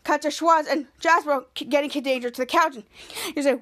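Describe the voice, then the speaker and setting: A woman hosting a podcast, recapping a TV episode in a casual, excitable way, repeating herself and correcting her own words. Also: high voice, fairly quick. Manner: excitable, repetitive, frequent self-corrections. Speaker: podcast host.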